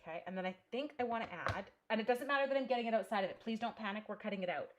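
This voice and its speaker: A woman's voice: on the high side, racing, noisy background. A chatty woman hosting a live crafting tutorial from a home craft room, thinking aloud and greeting viewers by name as she works. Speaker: crafting demonstrator.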